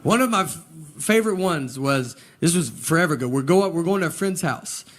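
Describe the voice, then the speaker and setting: A man doing a stand-up comedy set, telling stories in a deadpan, low-key manner. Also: brisk. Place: live venue with laughing audience. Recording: loud crowd laughter and noise.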